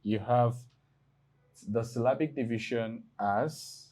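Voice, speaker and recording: A Nigerian English tutor with a warm, mid-range voice teaches an exam prep lesson. He explains slowly and spells words out letter by letter.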